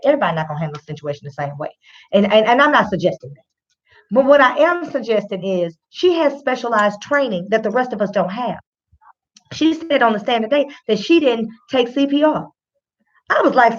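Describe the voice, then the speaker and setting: A woman giving casual legal commentary, lively and folksy, talking straight to her viewers. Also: medium pitch. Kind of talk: casual commentary to an online audience. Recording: dull lo-fi sound.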